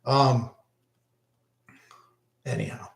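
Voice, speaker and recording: Older New man, slow unhurried ramble, mid pitch, roomy echo; casual vlog monologue. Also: in a whisper. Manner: rambling, self-interrupting, enthusiastic. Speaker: vlogger recalling concerts. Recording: echoey room.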